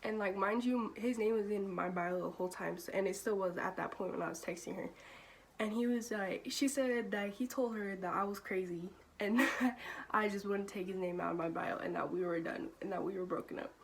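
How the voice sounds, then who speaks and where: A woman's voice: medium pitch, steady tone, a little fast, slight background noise. Young woman telling a laughing storytime. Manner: casual, profane, laughs often, many "like" fillers. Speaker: vlogger. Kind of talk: storytime vlog.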